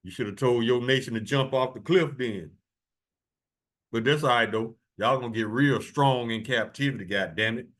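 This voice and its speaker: A man's voice: medium pitch, moderate pace, a bit bright. Guy preaching hard, reads bible verses then cusses folks out, regular voice. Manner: profane, taunting, reads verses aloud. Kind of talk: fiery scripture preaching.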